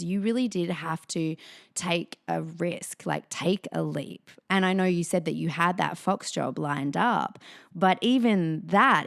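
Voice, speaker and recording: A woman with an Australian accent hosting a podcast interview, enthusiastic and quick to exclaim. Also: lowish voice, gravelly. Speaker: podcast host. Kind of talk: casual interview chat.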